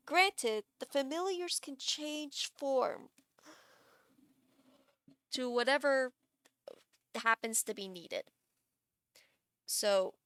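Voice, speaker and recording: A woman's voice: fairly high pitch, bright, forceful tone, clear, resonant tone, dry recording. A woman streaming live, chatting casually and thinking aloud while she builds a game character, gushing and laughing.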